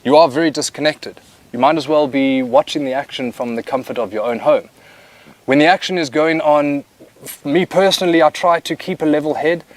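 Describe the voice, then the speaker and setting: A man working as a wildlife cameraman, answering interview questions casually with relaxed, dry humor. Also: a little high, brisk.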